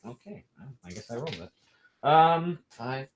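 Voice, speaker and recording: A man's voice: mid-range voice, animated, moderate pace. A man playing a tabletop game, playful and joking with the game master. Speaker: player.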